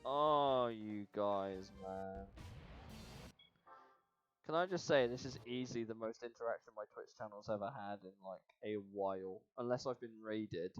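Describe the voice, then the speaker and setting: A man's voice: fairly low pitch, measured pace, muffled recording. A man live-streaming a racing game, chatting casually and joking with his chat. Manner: jokey, rambling, reads and answers chat. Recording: faint music behind.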